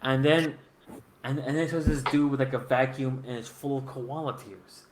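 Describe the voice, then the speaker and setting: A man's voice: mid-range voice, fairly even intonation, moderate pace. A man chatting on a live stream, telling a story animatedly, stammering and acting out quotes. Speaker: stream co-host. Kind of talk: casual chat on a live stream. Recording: roomy echo, faint noise.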